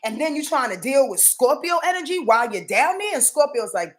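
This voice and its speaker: Woman astrologer from Yonkers, casual forecast vlog, swears a lot, talks straight to viewers, highish voice, very lively pitch. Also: brisk. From Yonkers, New York. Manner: profane, animated, addresses viewers directly.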